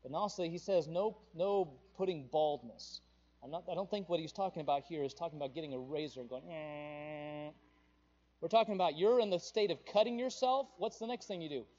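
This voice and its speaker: A male pastor preaching a sermon with passion, his voice surging louder on the emphatic points. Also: a little high, fast, breathy edge, dull audio.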